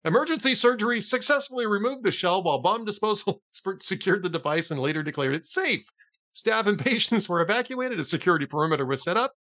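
A man's voice: high-pitched, animated, quick pace, sharp tone. A man hosting a podcast in casual chat, telling jokes and chuckling as he reads. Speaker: podcast host.

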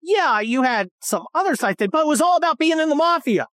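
A woman in casual, profane chat, animated and mocking. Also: high-pitched, brisk, no echo, studio quality.

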